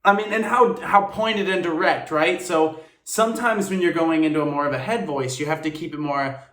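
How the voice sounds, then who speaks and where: A man's voice: a little high, moderate pace, a bit bright, distant mic. A man reacting to a song performance, analyzing the vocal technique with enthusiasm and some apologetic asides, recorded on a phone. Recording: echoey room, a little off the mic.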